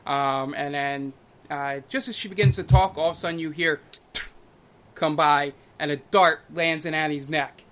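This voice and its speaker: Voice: mid-range voice, fairly even intonation, moderate pace, a bit bright. A game master narrating a tabletop fantasy game in a loose, hesitant way with many fillers.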